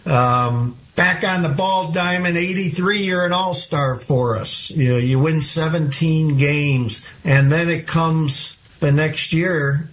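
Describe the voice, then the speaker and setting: A man interviewing a guest, slowly recapping the guest's career in a warm, measured way. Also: a little high, slight background noise. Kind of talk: interview questions.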